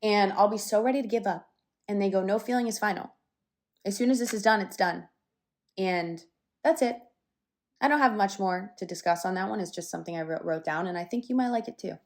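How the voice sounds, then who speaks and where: Young woman doing a solo podcast, chatty and candid, bit breathless, medium pitch. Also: brisk. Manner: chatty and candid, with some swearing and lots of fillers. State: a little out of breath. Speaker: podcast host. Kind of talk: casual solo podcast monologue.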